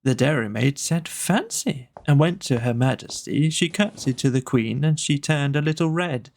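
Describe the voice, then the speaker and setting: A man gently reading children's poems aloud with a rhythmic lilt. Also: medium pitch, moderate pace, vocal fry. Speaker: storyteller.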